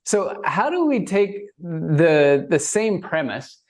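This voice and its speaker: A man's voice: a little high, big pitch swings, takes it slowly, a little mellow. A man hosting an interview, speaking conversationally as he frames questions for his guest. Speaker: podcast host. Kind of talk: casual interview.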